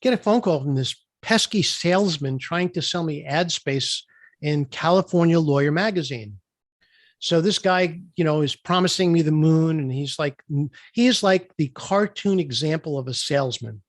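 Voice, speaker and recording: A man's voice: fairly high pitch, normal speed, dry recording. A man, a guest entrepreneur, telling a business story in an interview and acting out quoted dialogue. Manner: lively storyteller who acts out quoted dialogue.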